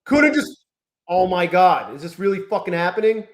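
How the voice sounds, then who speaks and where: A man live-streaming his trading, cursing constantly and swinging between low muttering and angry shouting at the market. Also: sing-song, moderate pace. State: frustrated and angry. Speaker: livestreaming futures trader.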